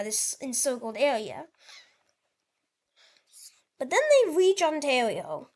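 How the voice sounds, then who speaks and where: High, lively woman narrating a map. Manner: rambling, with frequent restarts. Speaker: channel host.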